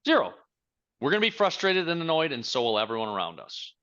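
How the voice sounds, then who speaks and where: A male leadership coach giving a motivational talk, his voice bright and forceful. He speaks with emphasis and leans on rhetorical questions, heard through a dull, lo-fi recording. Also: a little high, sing-song, fast.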